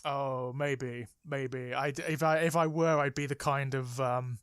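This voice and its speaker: A man's voice: medium pitch, fairly even intonation, measured pace, clean tone, dry recording. Dry-voiced man, wry asides. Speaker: podcast co-host. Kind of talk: casual chat.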